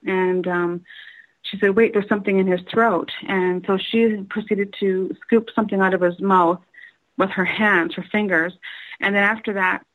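A woman telling a personal story, halting with many fillers and restarts, raising her voice when quoting others. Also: medium pitch, steady tone, narrow, tinny audio.

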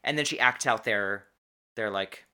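A podcast co-host in casual chat, chatty and quick to laugh, stumbling over words now and then. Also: mid-range voice, sharp tone, clean tone.

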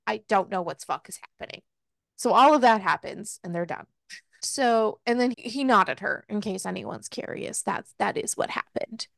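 A woman co-hosting a casual podcast, recapping a book in an exasperated, swearing, animated way and voicing the characters' lines. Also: mid-range voice, no echo, studio quality. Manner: swearing, exasperated, animated retelling with voiced quotes. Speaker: podcast co-host.

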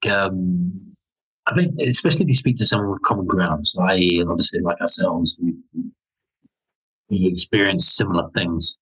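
A man's voice: deep voice, moderate pace, sharp tone, husky, low-quality recording. A man with a light New Zealand accent telling rambling stories on a podcast, full of fillers and restarts. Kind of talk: casual storytelling.

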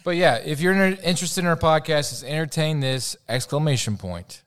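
A man's voice: on the high side, fairly quick, a bit bright, smooth. A man hosting a podcast at a live theater show, chatting and laughing as he plugs the show. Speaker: podcast host. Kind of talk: casual live podcast chat.

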